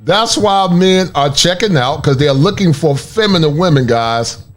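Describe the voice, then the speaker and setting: A man's voice: a little high, expressive, normal speed, faint music behind. A man hosting a commentary channel, reacting to clips with laughter and preachy asides to his viewers.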